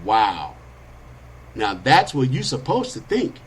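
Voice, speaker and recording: A man hosting a podcast, telling an animated parable in street slang, swinging between high whiny character voices and low asides. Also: slow, a little hiss or hum. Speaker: podcast host. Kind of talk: storytelling monologue.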